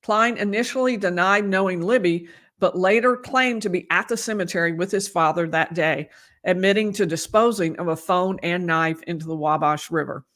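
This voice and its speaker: Woman lawyer, hoarse, streaming commentary. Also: lowish voice, moderate pace, fairly bright tone. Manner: conversational, restarts and emphatic asides. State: losing her voice. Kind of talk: livestream case commentary.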